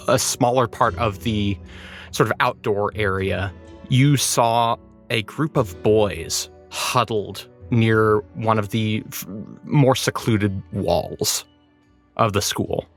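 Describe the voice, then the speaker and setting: A man's voice: on the low side, takes it slowly, a bit bright, soft background music. A man narrating a tabletop role-playing game as game master, describing scenes in a loose, storytelling way.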